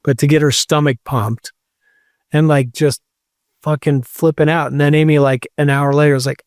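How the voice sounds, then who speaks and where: A man's voice: a little high, steady tone, normal speed, a little mellow, no room sound, studio quality. A middle-aged man casually telling a long personal story, rambling and swearing with lots of "like". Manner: rambling, swearing, many likes. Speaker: podcast host.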